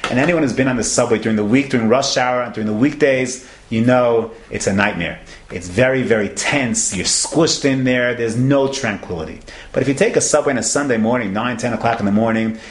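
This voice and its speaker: A man giving a sermon, emphatic and storytelling, repeating phrases for effect. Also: medium pitch. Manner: storytelling, emphatic repetition, Hebrew terms. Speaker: rabbi. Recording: echoey room with faint noise.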